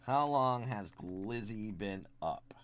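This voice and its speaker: A young man streaming from home, chatting casually with viewers while drawing, swinging between quiet mumbles and loud excited greetings. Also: fairly low pitch, slow pace.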